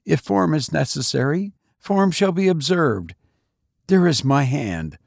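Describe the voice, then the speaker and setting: Brief: a man playing an idealistic young student, raised earnest voice, slow and dry. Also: expressive, creaky, no echo, full character voice. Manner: earnest, high-pitched pleading.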